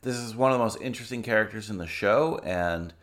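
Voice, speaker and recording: A man's voice: fairly low pitch, fast talker, fairly bright tone. A man co-hosting a podcast, talking casually and enthusiastically while recounting scenes. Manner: enthusiastic, talkative storyteller. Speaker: podcast co-host. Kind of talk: casual chat.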